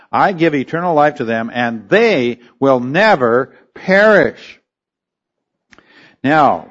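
Slow emphatic preacher guy, rhetorical questions, kinda muffled lo-fi sound. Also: mid-range voice, fairly bright tone. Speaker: pastor. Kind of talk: expository sermon.

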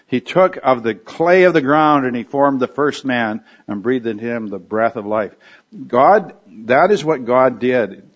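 A man giving a conversational expository sermon, thinking aloud with restarts and fillers as he explains a verse. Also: medium pitch. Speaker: preacher. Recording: dull lo-fi recording.

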